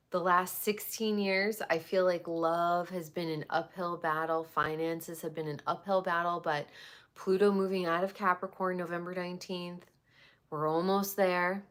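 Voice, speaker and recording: A woman in her forties hosting a casual celebrity gossip talk, blunt and swearing freely, with animated outbursts. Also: medium pitch, moderate pace. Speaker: podcast host.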